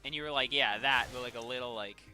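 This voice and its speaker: A man's voice: medium pitch, fast talker, bright, forceful tone, faint music behind. A man streaming a video game, casually chatting with viewers, swearing and laughing often. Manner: swears a lot, laughs often, banters with chat. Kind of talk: casual gaming stream chat.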